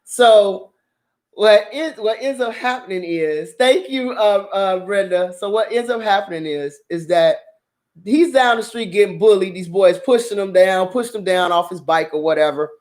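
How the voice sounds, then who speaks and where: A woman's voice: mid-range voice, moderate pace. Profane, laughing woman telling stories. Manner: profane, animated, laughs often. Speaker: channel host. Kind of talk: casual storytelling.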